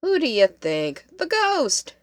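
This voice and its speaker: A woman's voice: medium pitch, very animated, unhurried, dry recording, studio quality. A woman voicing a busy, matter-of-fact young female college student. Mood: brisk.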